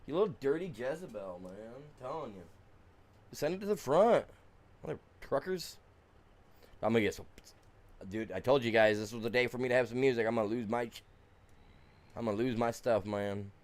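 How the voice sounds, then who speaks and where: A man streaming a farming game, grumbling and muttering, then bursting out loud at the game. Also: medium pitch, fast talker. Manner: frustrated grumbling, swings between mutters and loud outbursts at the game; sings along off-key to music. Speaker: gaming streamer. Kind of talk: casual live-stream commentary.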